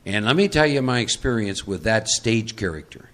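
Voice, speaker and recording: A man's voice: fairly low pitch, expressive, moderate pace, a bit bright. A man from Texas leading a live recovery workshop, emphatic and teasing, often checking that listeners follow. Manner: emphatic, teasing, asks for agreement.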